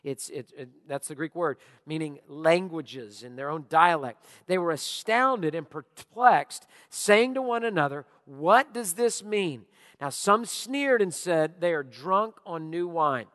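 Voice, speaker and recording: A male pastor preaching a sermon, telling stories with animated, drawn-out emphasis. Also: on the high side. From Louisiana. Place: church auditorium. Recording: long reverb of a church hall.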